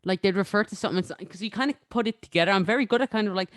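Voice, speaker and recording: A man's voice: sits high, rapid-fire, a bit bright. A man from Ireland with an Irish accent, hosting an online interview in an eager, friendly manner on a home microphone. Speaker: interview host. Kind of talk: casual interview chat. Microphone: home USB microphone.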